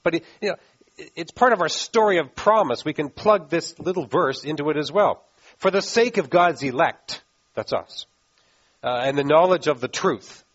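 A man's voice: fairly high pitch, lively intonation, normal speed, fairly bright tone, slightly rough, highs cut off. A pastor giving a conversational sermon, asking his listeners questions. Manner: conversational preaching with rhetorical questions.

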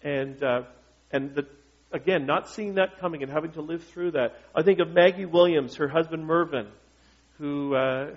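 A male pastor preaching a sermon in a conversational, joking way and asking his congregation questions. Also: fairly high pitch. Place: church. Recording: dull lo-fi recording.

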